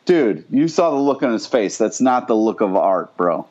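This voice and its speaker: Blunt, swearing man with a low voice. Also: sing-song, moderate pace, darkish tone. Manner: blunt, swears a lot, heated opinions. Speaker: podcast co-host. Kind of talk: casual TV recap chat. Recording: dull lo-fi sound.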